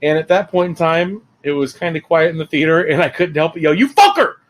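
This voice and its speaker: A man's voice: fairly high pitch, flat delivery, fast, low-quality recording. Man, film reviewer, casual rambling talk, lots of ums. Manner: rambling, chatty, many fillers.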